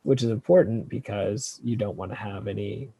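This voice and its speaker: A man, a researcher, answering interview questions in a relaxed, hesitant way with many fillers and restarts. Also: on the low side, moderate pace, creaky, slightly rough, no echo. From California. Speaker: kelp researcher guest.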